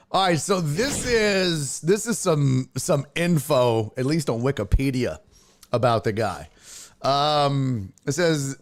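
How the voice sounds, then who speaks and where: Excitable male sports podcast host. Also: medium pitch. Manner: excitable, laughing, profane, imitates voices. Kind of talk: casual podcast chat.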